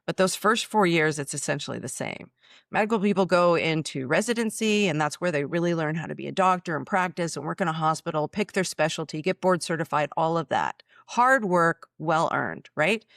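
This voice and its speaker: A woman's voice: low voice, lively intonation, a little fast, creaky, fairly bright tone, dry recording, clean studio sound. A woman speaking bluntly and emotionally about her own illness, filmed in her office. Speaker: chiropractor and author. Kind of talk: personal testimony.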